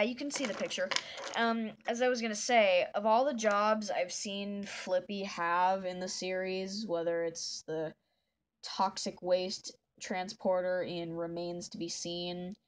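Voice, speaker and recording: A woman's voice: lowish voice, a little hiss or hum. A woman chatting casually while drawing a comic, rambling and often restarting her sentences. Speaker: artist drawing a fan comic.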